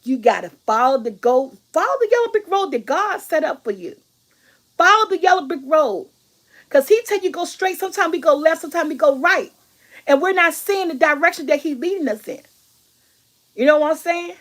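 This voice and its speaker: A woman's voice: high-pitched, animated, moderate pace, a bit bright. A middle-aged woman vlogger, giving an emphatic, preachy motivational talk and repeating her key lines.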